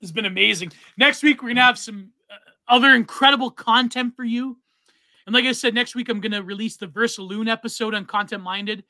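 A man's voice: very high-pitched, a little fast, bright, forceful tone, no echo. A man co-hosting a livestreamed podcast, rambling in casual chat with lots of restarts. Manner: rambling, many fillers and restarts. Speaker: podcast co-host.

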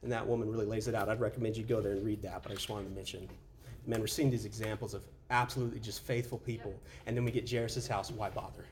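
A man's voice: lowish voice, flat delivery, fast talker, slight background noise. A man preaching a casual, conversational sermon as a pastor, often saying "man" and restarting his sentences. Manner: conversational, says "man" a lot, with frequent restarts.

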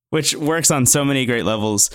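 A man's voice: mid-range voice, measured pace, no room sound, studio quality. A man in his thirties casually recapping a show as a podcast co-host, joking loosely and lifting his voice to quote lines. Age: 30s.

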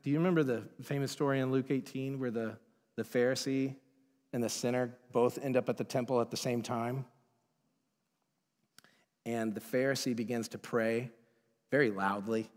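A man's voice: mid-range voice, animated, normal speed, pauses often, a little mellow. A man preaching a sermon as pastor, casual and conversational, telling stories and acting out the people in them. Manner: casual, conversational, acts out quoted voices. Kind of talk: sermon with storytelling. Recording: long hall reverb.

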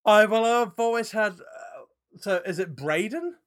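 A man's voice: high-pitched, a little slow, a bit bright. A man with a British accent, co-hosting a podcast in casual, swearing banter. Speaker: podcast co-host. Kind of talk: casual chat.

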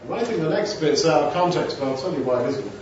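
A man's voice: fairly high pitch, expressive, quick pace, a little mellow, a little hiss or hum. A man preaching a sermon in a casual, conversational way, often acting out short dialogues. He is recorded from a distant mic in a large echoey hall, and the sound is dull.

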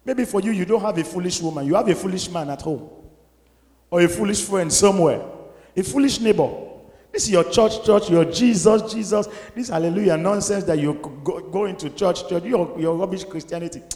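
A man preaching a sermon as a pastor, emphatic and at times shouting. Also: high-pitched, brisk. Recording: echoey hall.

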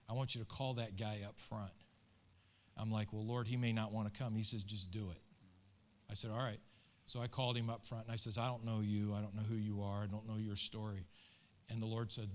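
A man's voice: fairly low pitch, flat delivery, fairly quick. A middle-aged man, a pastor, telling a story in an earnest, emotional and colloquial sermon.

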